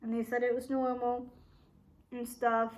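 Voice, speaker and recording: A woman's voice: a little high, monotone, measured pace. A young woman vlogging a life update at home, rambling and quoting herself and others over and over. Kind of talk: casual life update vlog. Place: room at home with door shut.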